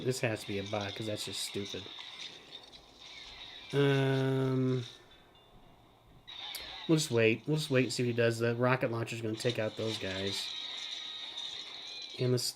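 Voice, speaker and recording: Excitable middle-aged male game streamer. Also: mid-range voice, a little slow, pauses often, noisy background. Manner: talks about himself in third person, excitable outbursts. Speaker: streamer host. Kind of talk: live gameplay commentary.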